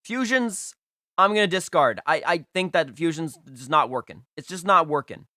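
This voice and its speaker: Young guy live streaming, bright sharp voice, playful, repeats stuff for emphasis, dry close sound. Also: fairly high pitch, animated, normal speed, no echo. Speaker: livestream host rating viewers' game teams. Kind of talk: casual live-stream commentary.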